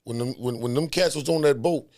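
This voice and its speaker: A man's voice: mid-range voice, a little fast, a little mellow. A man in a casual heart-to-heart talk, emphatic and preachy, repeating words to drive points home.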